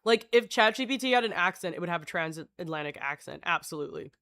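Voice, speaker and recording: A woman's voice: fairly low pitch, animated, quick pace, fairly bright tone, dry recording, clean studio sound. Rambling, swearing woman streamer. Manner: rambling, swears freely, chuckles, talks to her chat. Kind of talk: casual live-stream chat, reading aloud.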